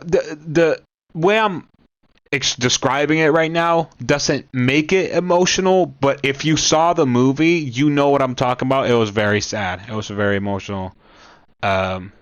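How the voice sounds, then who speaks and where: A man's voice: mid-range voice, fairly bright tone, no room sound. A young man casually recapping a movie plot, rambling with many restarts and asides to the viewer. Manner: rambling, lots of restarts and "you know what I mean". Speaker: movie reviewer.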